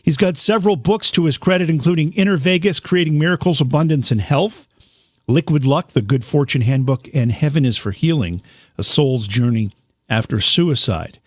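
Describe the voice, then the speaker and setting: A man's voice: on the high side, moderate pace, no echo, studio quality. A man hosting a talk show who says he is losing his voice, talking informally with fillers and restarts. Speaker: host.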